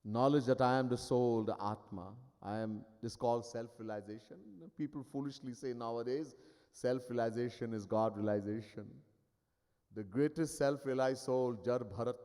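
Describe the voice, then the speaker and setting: A man's voice: mid-range voice, mellow. A man giving a sermon as a spiritual teacher. He tells stories in an emphatic, wry way. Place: ashram hall. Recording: long hall reverb.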